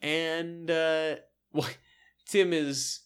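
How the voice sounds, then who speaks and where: A man co-hosting a podcast, casually recapping a sitcom episode and acting out quotes in squeaky voices. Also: level tone, extremely slow, fairly bright tone, smooth. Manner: rambling, acts out quotes in high-pitched voices. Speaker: podcast co-host.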